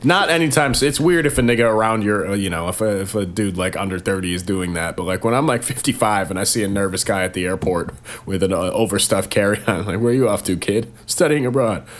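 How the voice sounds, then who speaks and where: A man's voice: on the low side, fast talker. A man in his twenties co-hosting a podcast, swearing and teasing his friends in casual chat. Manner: profane, mocking banter. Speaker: podcast co-host.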